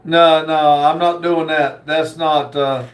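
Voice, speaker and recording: A man hosting a casual livestream, reading viewer comments aloud in an unhurried, joking way with frequent pauses. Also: a little high, steady tone. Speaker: livestream host. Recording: roomy echo.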